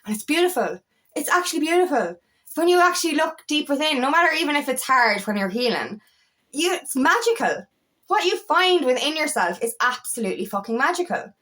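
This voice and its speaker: An Irish woman coaching in a casual, emphatic monologue, swearing freely as she urges listeners on. Her voice sits a little high for a woman. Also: big pitch swings, brisk, a bit bright. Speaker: empowerment coach.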